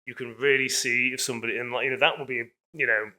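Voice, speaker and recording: A man's voice: medium pitch, steady tone, fast talker, sharp tone. A man giving a public lecture, telling stories in an enthusiastic, chatty way with frequent fillers.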